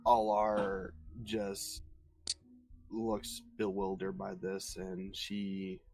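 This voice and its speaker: A man playing a tabletop game, calmly describing his character's actions. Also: low voice, extremely slow, vocal fry, soft background music, rough recording. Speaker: player.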